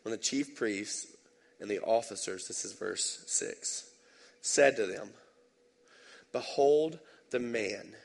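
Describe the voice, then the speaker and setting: A man pastor giving a conversational, animated sermon in a church sanctuary. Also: on the low side, measured pace, gravelly. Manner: conversational, animated, tag questions. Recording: long hall reverb.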